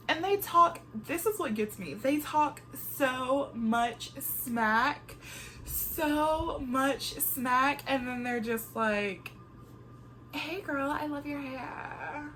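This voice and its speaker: A woman chatting to camera in an animated way, reviewing a reality show and laughing often. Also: a little high, slight background noise. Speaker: vlogger reviewing TV shows. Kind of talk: casual chat to camera.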